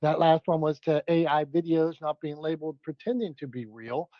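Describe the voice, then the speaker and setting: High-voiced man emceeing upbeat. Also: no room sound, lo-fi sound. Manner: upbeat, emceeing, quick asides. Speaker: podcast co-host. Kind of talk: casual comedic chat.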